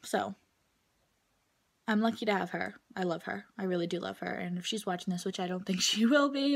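A woman's voice: medium pitch, brisk, vocal fry. A young adult woman talking straight to camera in a casual vlog, venting bluntly and swearing freely about her day. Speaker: vlogger.

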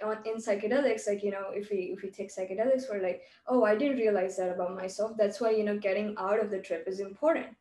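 A woman's voice: mid-range voice, warm tone, slight background noise. A woman hosting a podcast, talking in a thoughtful, musing, academic way. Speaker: podcast host. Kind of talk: casual chat. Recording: echoey, distant from the mic.

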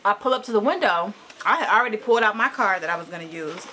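A woman vlogging casually from her parked car, talking to a camera propped on the dashboard in an animated, anxious way. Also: quick pace. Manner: chatty and animated, rising high when annoyed. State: anxious, shaky nerves. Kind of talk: casual vlog chat.

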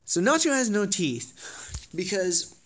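Lively, playful man vlogging. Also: high-pitched, slow. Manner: playful, excitable. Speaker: dog owner and vlogger. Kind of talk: casual home vlog.

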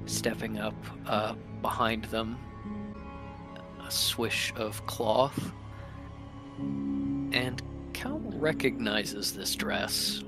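A man narrating as game master of a tabletop game, in a hushed, measured way. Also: fairly low pitch, expressive, over loud music.

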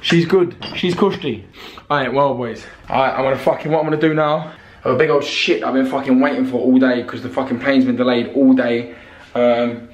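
A young man, chatting casually and animatedly to a handheld camera, full of slang and swearing. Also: medium pitch. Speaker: vlogger. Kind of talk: casual vlog chat.

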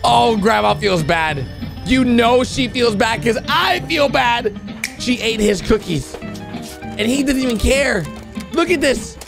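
A young man with a high, very lively voice reacts to cartoons as the host, swinging from chatty commentary to sudden shouts. Faint music plays underneath. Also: takes it slowly, vocal fry. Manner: excitable, shouts and gasps at surprises, talks to viewers.

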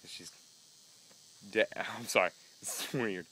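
A man's voice: lowish voice, takes it slowly, pushed and bright, a little hiss or hum. A young man rambling through a casual vlog, self-mocking and laughing as he talks, just woken up. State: just woke up. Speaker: vlogger.

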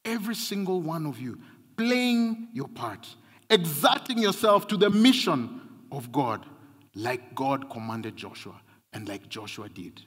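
A man's voice: high voice, husky. A man preaching a sermon, emphatic and repetitive, his intensity rising and falling. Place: large church hall. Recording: long hall reverb.

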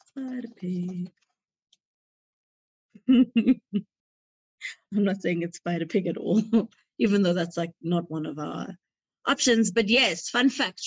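Reading movie quiz questions and multiple-choice options, a young woman with a medium-pitched voice chats between them in a light, joking way and laughs at her own jokes. The lo-fi recording is dull and dry, with no echo.

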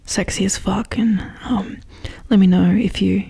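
A young Australian woman speaking in a loud, breathy whisper as a bit of whispered role-play. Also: mid-range voice, steady tone, unhurried, no room sound, heavily acted. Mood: teasing.

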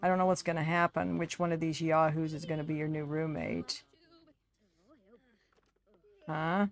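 Chatty woman narrating her game, lowish voice. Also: moderate pace. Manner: chatty, talks to her game characters like a fussing parent. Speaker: gaming video creator. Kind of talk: casual gameplay commentary.

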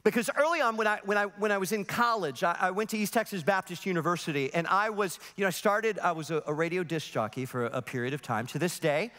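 A man's voice: sits high, fast, hardly any pauses, long reverb tail. A man in his forties preaching a sermon as pastor, telling stories animatedly and acting out the voices in them. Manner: animated storytelling with voices and laughs. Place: large church sanctuary.

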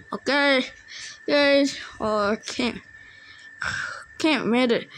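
A woman talks through a game in a high, bright voice. She speaks slowly and casually, then bursts into excitable taunts at other players. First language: Indonesian. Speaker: gamer. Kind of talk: casual gameplay commentary.

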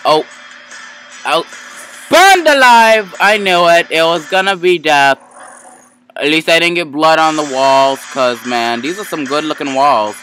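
A man playing a video game and ranting at it, with a bright, forceful voice that sits a little high. He keeps talking with frustrated, overblown complaints, and faint music plays underneath. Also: steady tone, measured pace, low-quality recording. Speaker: gamer. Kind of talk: casual gameplay commentary.

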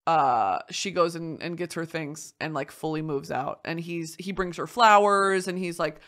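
A woman hosting a podcast, chatting casually in an animated way, swearing often and laughing through a story. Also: sits low, a little slow, few pauses. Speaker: podcast host. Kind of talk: casual chat.

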